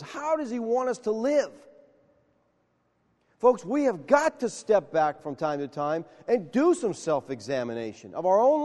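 A man preaching a sermon, telling stories with animated acted-out dialogue. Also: extremely high pitch, in a large hall. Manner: animated storytelling, acts out dialogue. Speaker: pastor.

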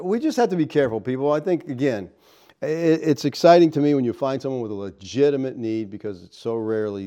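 Middle-aged pastor preaching conversationally. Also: male voice, mellow. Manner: conversational, keeps asking "okay?" and "all right?"; acts out quoted people in a higher voice. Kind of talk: sermon.

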